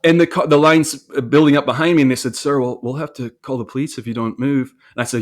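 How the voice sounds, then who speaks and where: A man's voice: mid-range voice, fast. A man telling a story about his own mistake in a candid, self-reflective way, with frequent restarts and repeated words. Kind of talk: conversational storytelling.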